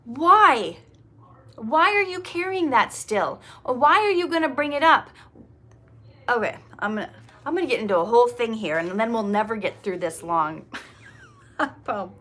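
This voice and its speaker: A middle-aged woman hosting an inspirational talk, reading her poem and turning to viewers with earnest, animated asides. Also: on the high side, moderate pace, long pauses. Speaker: inspirational video host.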